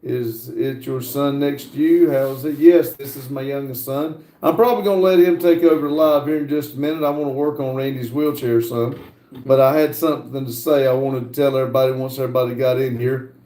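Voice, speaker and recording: Halting middle-aged American man, roomy sound. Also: medium pitch, fairly even intonation, mellow. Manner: halting, fills pauses with frequent "uh". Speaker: livestream host. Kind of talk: casual chat reading viewer comments. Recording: roomy echo.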